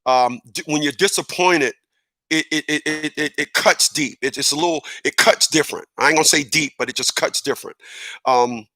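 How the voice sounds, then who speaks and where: Emphatic middle-aged man, bright tense voice. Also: on the high side, normal speed, slight background noise. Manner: emphatic, repeats words while building a point. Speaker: commentator. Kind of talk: casual opinion monologue.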